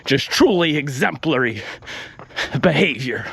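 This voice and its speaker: A man's voice: a little high, lively intonation, unhurried, vocal fry, a bit bright, a little hiss or hum, heavily acted. A man doing an impression of an earnest, folksy female basketball TV commentator who gushes and keeps addressing her broadcast partner by name. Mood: gushing.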